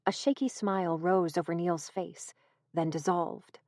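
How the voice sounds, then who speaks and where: A woman reading a horror audiobook in a measured, even storytelling manner, close to the mic. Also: lowish voice, no echo. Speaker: audiobook narrator. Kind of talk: scripted narration.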